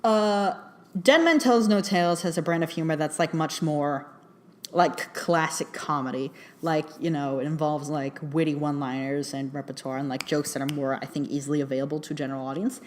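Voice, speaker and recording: A woman with a fairly low voice talks through a film review in a loose, chatty way. She fills her sentences with "like" and "um", laughs easily, and drops casual swears while retelling scenes. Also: a little fast, a little hiss or hum. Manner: chatty, laughing often, heavy use of "like" and "um" fillers.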